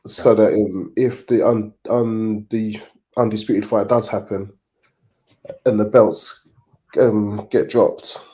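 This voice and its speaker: A British man on a boxing talk show panel, measured and sceptical in tone. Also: on the low side, fairly even intonation, dark tone, a little hiss or hum.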